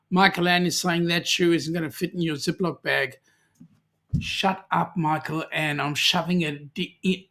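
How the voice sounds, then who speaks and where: A man's voice: on the high side, pushed and bright. An Australian man hosting a livestream, chatting casually and reading viewer comments aloud with lots of ums. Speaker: livestream host.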